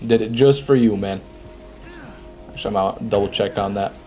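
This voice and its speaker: Man, live game streamer, casual chat, mellow dark tone, faint music underneath. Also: lowish voice, normal speed. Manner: chatty, reads and answers chat. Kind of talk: casual live gameplay commentary.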